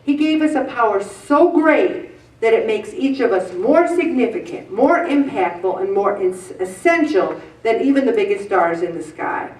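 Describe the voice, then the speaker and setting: A woman's voice: a little high, animated, normal speed, darkish tone. A woman in her fifties giving a preachy motivational talk to a group, earnest, with humorous asides. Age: 50s. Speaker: weight-loss group leader. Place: meeting room with an audience. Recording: echoey room, voice from a distance.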